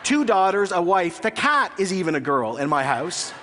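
Humorous pastor in a reverberant hall. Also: male voice, high-pitched, moderate pace, a little hiss or hum. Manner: animated storytelling, self-deprecating humor. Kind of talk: sermon.

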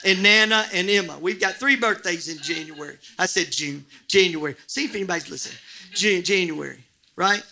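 A middle-aged pastor preaching in a church. His voice sits high for a man and rings bright and forceful. He jokes with the room and breaks into shouts. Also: brisk, vocal fry. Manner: animated, jokey preaching with bursts of shouting. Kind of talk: sermon.

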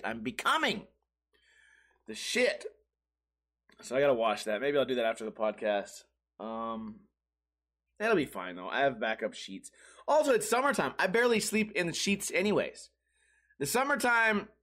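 A man with a high-pitched voice hosts a solo comedy podcast, talking casually and rambling from one gripe to the next. His delivery is profane and sarcastic, and he keeps slipping into mocking voices. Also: fairly bright tone. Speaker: podcast host.

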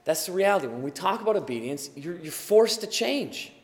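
A tired man preaching as a pastor, earnest and swinging from quiet to loud emphasis. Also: sits high, sing-song, brisk, big-room sound. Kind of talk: sermon.

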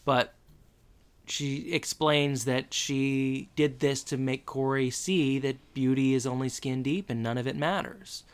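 Podcast cohost, middle pitch, chatty recap with dry little asides. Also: steady tone, unhurried, clear, resonant tone. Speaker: podcast co-host. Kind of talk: casual recap chat.

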